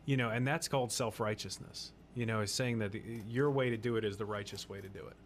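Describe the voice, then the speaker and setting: A man's voice: fairly low pitch, steady tone, fast talker, a little hiss or hum. A man hosting a faith-based podcast discussion, talking in an earnest, preachy way and repeating phrases for emphasis. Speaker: podcast host.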